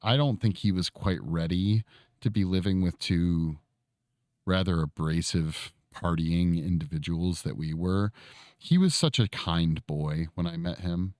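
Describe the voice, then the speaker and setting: A low-pitched man in his thirties chatting casually on his own stream while he works on a sculpture. He talks in a laid-back way, trails off and chuckles often. The recording is close and dry, with no room sound. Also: measured pace, darkish tone, dry recording. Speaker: streamer host. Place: home studio.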